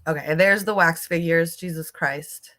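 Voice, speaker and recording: A woman's voice: deep voice, moderate pace, a bit bright. A woman giving casual reaction commentary on videos, rambling with lots of fillers and casual swearing.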